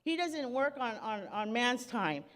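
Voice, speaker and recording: A woman's voice: a little high, very animated, fairly bright tone, in a large hall. Nervous woman giving church testimony. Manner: casual street slang, halting with many restarts. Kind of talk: spoken testimony at a church service.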